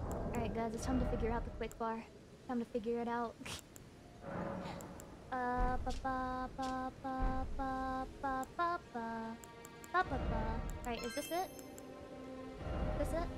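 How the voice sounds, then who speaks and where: A woman casually talking through a video game on a live stream, chatty and prone to loud shrieks of surprise. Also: on the high side. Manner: chatty, reacts loudly with shrieks. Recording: music playing behind.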